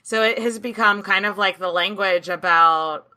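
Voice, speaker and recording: A woman's voice: medium pitch, moderate pace, sharp tone, smooth. A woman co-hosting a podcast, chatting casually and playfully about history and swearing now and then. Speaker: podcast co-host.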